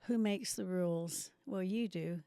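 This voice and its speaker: Gravelly-voiced older woman from New Zealand. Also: on the low side, measured pace, warm tone, dry recording. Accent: faint New Zealand. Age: 70s. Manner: chatty storyteller with self-mocking asides. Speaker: guest missionary. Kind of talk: testimony interview.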